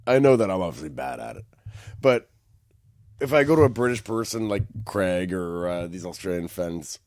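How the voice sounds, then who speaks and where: A man's voice: on the low side, fairly even intonation, moderate pace, a little mellow, no echo, studio quality. A man co-hosting a podcast, talking in a crude, joking way and laughing easily. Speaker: podcast co-host. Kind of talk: casual chat.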